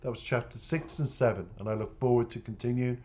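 A man narrating his own novel in a plain, steady reading style. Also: medium pitch, quick pace. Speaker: author reading his book. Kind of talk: audiobook narration.

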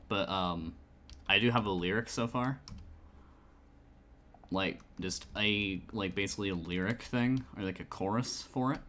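A man talks casually to his viewers while playing a game, rambling and full of fillers. His voice sits a little low. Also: fairly bright tone. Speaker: gamer streaming a survival server. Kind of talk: casual gameplay chatter.

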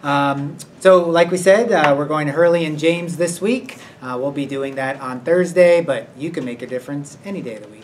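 A man's voice: fairly high pitch, moderate pace, few pauses. Rambling man on a distant mic. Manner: rambling and hesitant, many fillers. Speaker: school staff presenting character awards. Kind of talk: casual unscripted school announcement. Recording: distant mic with faint noise.

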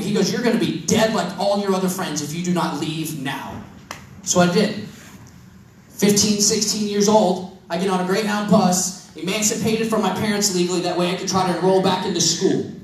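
Young preacher guy from missouri, high voice, joking around about himself, far from the mic in a super echoey hall. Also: slight background noise. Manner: casual, joking, self-deprecating storytelling. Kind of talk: sermon with personal story. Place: church hall.

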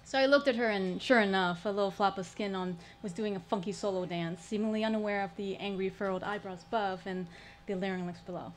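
A woman's voice: medium pitch, steady tone, brisk, a little hiss or hum. A woman performing a personal story live at a storytelling showcase, with a wry, humorous delivery and dry asides.

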